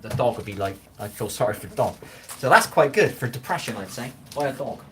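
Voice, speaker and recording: A man's voice: mid-range voice, expressive, fairly quick. A middle-aged man chats casually on a livestream, reading out viewers' comments and offering homespun advice. He stumbles over unfamiliar names. His voice sits in a middle range, and faint noise runs under the recording. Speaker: livestream host.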